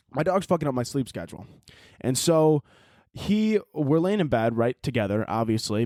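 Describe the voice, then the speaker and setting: A man hosting a solo podcast, rambling and swearing through animated stories, short on sleep and wired. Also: mid-range voice, dry recording. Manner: rambling, profane, animated storytelling. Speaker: podcast host. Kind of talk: casual solo podcast monologue.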